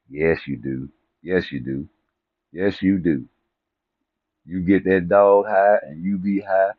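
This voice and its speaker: A man's voice: fairly low pitch, no echo. A man ranting casually to camera about boxing personalities, rambling and profane, teasing people and laughing at his own jokes. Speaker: boxing commentary vlogger. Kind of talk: casual comedic rant to camera. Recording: tinny phone-like dry sound.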